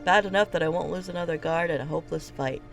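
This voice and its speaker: A woman's voice: deep voice, quick pace, gravelly, faint music behind. A woman reading the part of a weary, blunt male gate captain in a fantasy video game, speaking in a curt and dismissive way. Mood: grim.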